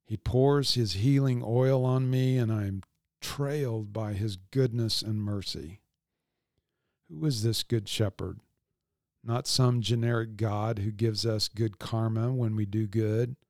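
A man hosting a devotional podcast, teaching in a calm, reflective way. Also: on the low side, slow pace, no echo, studio quality.

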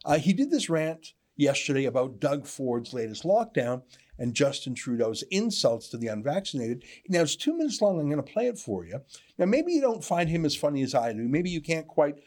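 A man's voice: fairly high pitch, very animated, moderate pace, a little mellow. A man delivering opinion commentary in an emphatic, sarcastic manner. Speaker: political commentator.

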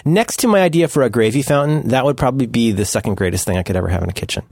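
Playful podcast man with a lively voice. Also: medium pitch, rapid-fire, creaky, no echo, clean studio sound. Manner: playful, riffing, jumps into silly voices. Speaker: podcast co-host. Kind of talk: casual chat.

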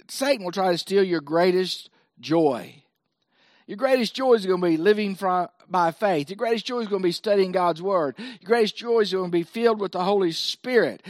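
A pastor delivers a sermon in a high-pitched male voice, driving each point home with repeated emphatic phrases. The sound is dry and close, with no room echo.

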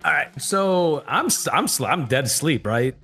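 Profane, animated man telling a story. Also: a little high, normal speed, husky, soft background music. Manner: profane, animated, acts out voices. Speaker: podcast co-host. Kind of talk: casual storytelling.

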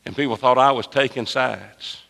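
Male pastor, mid-pitched, forceful pulpit sermon with big dynamic swings; long church reverb. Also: moderate pace, vocal fry. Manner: emphatic preaching with wide swings in pitch and volume. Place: church sanctuary.

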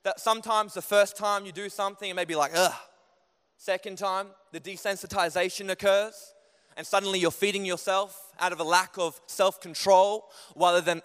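A young man preaching a sermon in a church, telling stories in an animated way that climbs higher and louder as he gets going. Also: normal speed, clean tone. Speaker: pastor. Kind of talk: sermon with personal storytelling. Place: church hall. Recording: long hall reverb.

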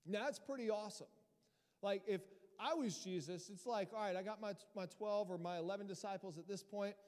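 A man preaching a sermon as pastor, lively and emphatic, rising to loud peaks as he presses his points to the congregation. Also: high-pitched, brisk. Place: church hall. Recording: long hall reverb.

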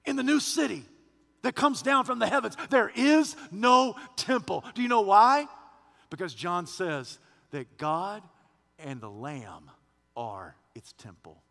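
A man's voice: high voice, lively intonation, measured pace, creaky, sharp tone, long reverb tail. A man pastor preaching a sermon with rising fervor, posing questions to the congregation.

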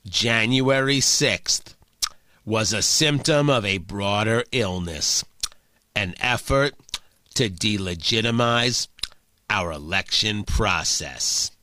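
A man doing an impression of an older male senator, speaking slowly in a low, solemn drawl. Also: bright, forceful tone, dry recording. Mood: grave. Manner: slow, deep, drawn-out delivery.

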